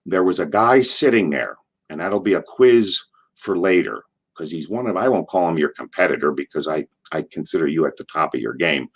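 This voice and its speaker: This is a low-pitched man with an animated, fairly quick delivery and a breathy edge. A retired pro wrestler from Allentown, Pennsylvania, he's an interview guest telling rambling backstage stories, casually swearing and restarting his sentences.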